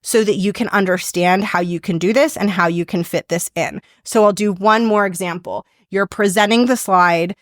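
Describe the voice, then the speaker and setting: A woman's voice: mid-range voice, steady tone, normal speed, few pauses, no echo. Dry, casual woman voice coach. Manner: casual, upbeat, teacherly, with frequent "like" fillers. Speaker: podcast host and voice coach. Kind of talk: instructional podcast talk.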